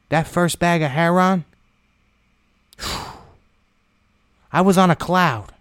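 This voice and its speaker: A man shares his personal recovery testimony in a blunt, unpolished way, letting a few curse words slip. His voice sits a touch high and comes through smooth and clear. The sound is dry and close, with no room around it. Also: slow, pauses often, a bit bright, no room sound. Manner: blunt, candid storytelling with casual swearing.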